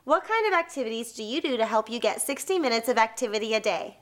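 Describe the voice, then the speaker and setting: Brief: cheerleader woman, high lively bright voice, unhurried, rallying students. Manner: upbeat, leading a crowd cheer. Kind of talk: school presentation to students.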